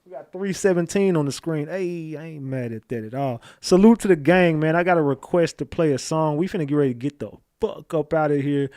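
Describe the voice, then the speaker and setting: A man with a fairly high voice hosts a livestream with loud, hyped energy. He swears freely and keeps thanking his chat. The sound is close and dry, with no room echo. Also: brisk, hardly any pauses. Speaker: livestream host. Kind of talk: casual livestream talk to chat.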